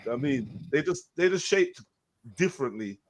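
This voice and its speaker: A man's voice: a little high, expressive, moderate pace. A man with a slightly raised voice, talking in easy slang. He tells an anecdote on a casual panel and laughs as he goes. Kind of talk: casual chat.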